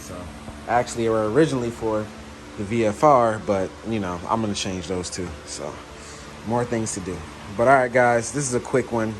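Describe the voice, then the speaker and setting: A man's voice: lowish voice, normal speed. A man casually talking through a motorcycle repair for his vlog, rambling and easygoing with lots of fillers. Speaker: motorcycle vlogger. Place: working on a motorcycle. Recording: noisy background ambience.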